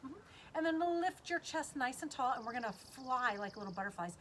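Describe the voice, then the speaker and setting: Upbeat woman teaching kids yoga, high voice, a little faint hiss behind. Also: pushed and bright. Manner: upbeat, playful cueing with animal sounds. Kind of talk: guided kids yoga class.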